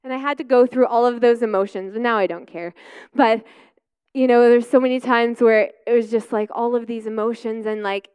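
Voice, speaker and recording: A woman's voice: a little high, fairly even intonation, fairly quick, a little mellow, smooth, dry recording, highs cut off. A woman in her thirties, a Christian speaker and mother, giving a candid, rambling personal faith testimony full of "like" and "you know.".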